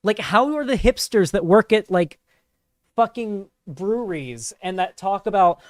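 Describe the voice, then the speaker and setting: Smooth and resonant, a male streamer's slightly high voice carries casual live commentary full of rambling, swearing, and fillers. He speaks unhurriedly with lively intonation. The recording is close and dry, without any room sound.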